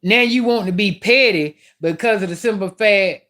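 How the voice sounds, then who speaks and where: A woman's voice: mid-range voice, moderate pace, fairly bright tone. A woman vlogger telling a story in a casual rant, blunt and profane as she vents.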